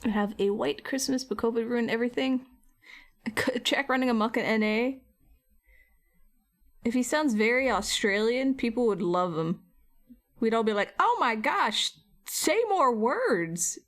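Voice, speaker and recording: A chatty woman with a slightly high voice talks casually on a live stream. She rambles from one topic to the next while she works on her crafts. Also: normal speed, long pauses. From United States. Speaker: art streamer.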